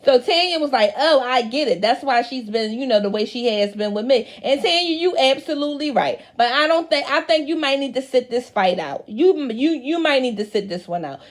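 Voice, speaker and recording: A woman's voice: fairly high pitch, lively intonation, fairly quick, few pauses. Blunt, slangy woman recapping TV. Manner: blunt, slangy, swears freely. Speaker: reality TV recap vlogger. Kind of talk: casual episode recap.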